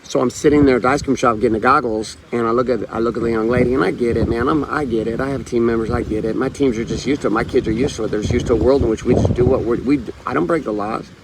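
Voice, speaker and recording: A man's voice: medium pitch, fairly even intonation, quick pace, few pauses, background noise. A man hosting a motivational show, speaking bluntly with profanity and hammering repetition, telling stories with quoted back-and-forth dialogue. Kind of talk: motivational monologue.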